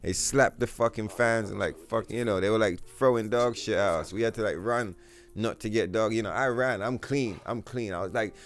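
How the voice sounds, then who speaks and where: A young man with a lowish voice hosts a gaming livestream at a moderate pace, reading chat aloud and answering viewers. His talk is casual, profane and rambling, packed with fillers, and faint music plays behind him.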